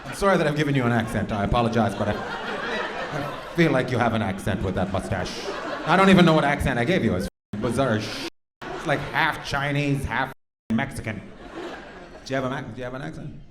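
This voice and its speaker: A male stand-up comedian with a mid-range voice does crowd work in a club, sounding animated and brisk. Brash and profane, he needles audience members amid echo, loud crowd sounds, and noise.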